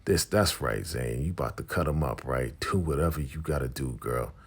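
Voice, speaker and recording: A man with an extremely deep voice chats through a TV episode recap. His voice is gravelly and husky. The delivery is animated and conversational. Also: moderate pace. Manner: animated, chatty retelling. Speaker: TV recap host.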